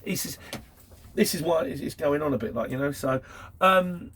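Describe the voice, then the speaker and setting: Husky chatty trucker. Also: male voice, fairly high pitch, animated, moderate pace, a bit bright. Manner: chatty, acts out other people's lines in a raised voice. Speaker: host answering viewer questions. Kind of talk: casual monologue.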